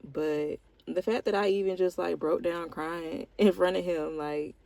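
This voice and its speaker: A woman's voice: lowish voice, steady tone, measured pace, creaky, mellow, no echo, rough recording. A woman vlogger talking candidly about her life in a rambling, heartfelt way, with lots of "like" fillers. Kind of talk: candid personal vlog confession.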